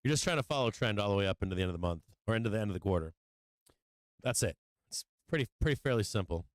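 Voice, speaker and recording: A smooth, lowish-voiced man hosts a stock trading livestream, talking markets casually in a rapid-fire, expressive way on a rough recording with no echo. He rambles with fillers and restarts, swearing, venting frustration and laughing at himself.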